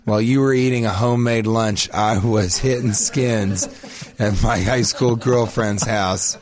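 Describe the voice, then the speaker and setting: A man hosting a comedy podcast, telling crude, absurd stories in a deadpan, rambling way. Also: on the low side, unhurried.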